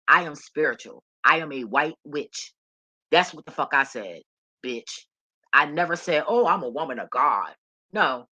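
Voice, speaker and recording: Woman vlogger blunt profane rant, forceful bright voice, dry close sound. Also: low voice, dry recording.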